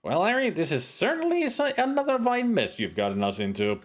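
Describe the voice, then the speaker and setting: A man's voice: high voice, huge pitch swings, a little fast. A man streaming a retro adventure game, reading its text aloud with wry, casual asides. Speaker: let's play streamer. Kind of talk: casual game commentary and narration.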